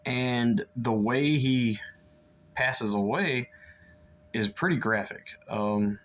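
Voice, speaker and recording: A man's voice: medium pitch, slow, fairly bright tone. A young man chatting casually through a book review, rambling with lots of fillers and restarts.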